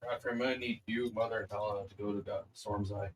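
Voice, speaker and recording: A man's voice: on the low side, little pitch movement, fast talker, slight background noise, rough recording. A man playing a tabletop game, giving direct orders in character. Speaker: player.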